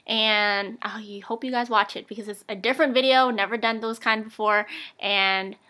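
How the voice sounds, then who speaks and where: A woman's voice: medium pitch, fairly even intonation, normal speed, pushed and bright. A young woman vlogging in a chatty, offhand way, full of fillers and asides. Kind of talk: casual chat.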